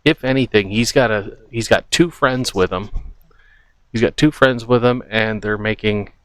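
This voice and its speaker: A man's voice: lowish voice, normal speed, fairly bright tone, no room sound. A man hosting a reaction video, giving casual, skeptical commentary as he debunks what he watches.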